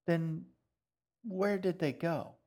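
A man voicing a curious young girl in a storybook reading, asking slow, wondering questions in a raised voice. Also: on the high side, darkish tone, voice pushed up.

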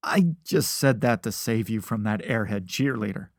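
A man voicing a pushy, cheerful teenage best friend who talks loudly and jokes around. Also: on the low side, moderate pace, gravelly, no echo, clean studio sound. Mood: flustered.

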